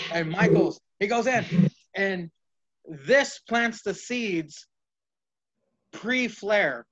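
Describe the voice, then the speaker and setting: A man's voice: high-pitched, animated, drawn-out words, pauses often, a bit bright. A man co-hosting a casual wrestling podcast, rambling and profane, acting out what the wrestlers would say. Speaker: podcast co-host. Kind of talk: casual chat, wrestling fantasy booking. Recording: dull lo-fi podcast audio.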